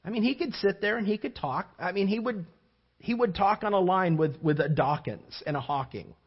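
A man preaching a sermon as a lively, rambling storyteller, full of restarts and asides. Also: high voice, normal speed, slightly rough, highs cut off.

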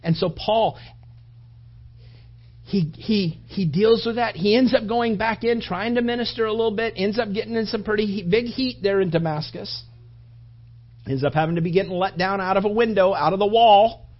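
A man preaching a sermon with passion, his voice rising toward shouts and then dropping low. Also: moderate pace, dull audio. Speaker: pastor.

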